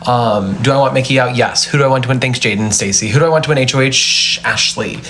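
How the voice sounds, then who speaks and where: A man's voice: mid-range voice, fast talker, fairly bright tone, a little hiss or hum. Chatty young man hosting a live stream. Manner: chatty, laughing, rambling. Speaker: livestream host. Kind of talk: casual chat. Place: at home. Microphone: phone livestream.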